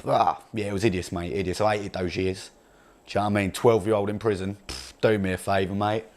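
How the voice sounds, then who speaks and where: A man's voice: lowish voice, fairly even intonation, fairly quick, natural voice. A man playing a brash, crude chav with an Essex accent, rambling and swearing in laddish banter as a comedy character monologue.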